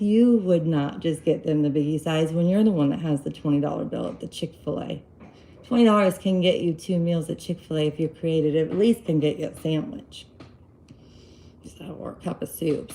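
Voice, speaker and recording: A woman's voice: sits low, normal speed, slight background noise, rough recording. Woman rambling through a personal story. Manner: rambling, animated retelling with quoted dialogue. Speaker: live-stream host giving relationship advice. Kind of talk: casual storytelling to viewers.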